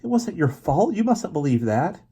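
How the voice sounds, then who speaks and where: A gentle woman in a storybook reading, as a man puts her on, consoling in a soft, slow voice. Her voice rises clearly above his own. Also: fairly high pitch, big pitch swings, pitched above the performer's own voice, full character voice. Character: kind woman, gentle and reassuring.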